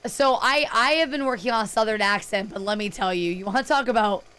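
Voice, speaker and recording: A woman's voice: mid-range voice, brisk, a bit bright, smooth. A young woman streaming a game, chatting casually and answering her viewers as she plays. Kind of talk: casual live-stream chat while gaming.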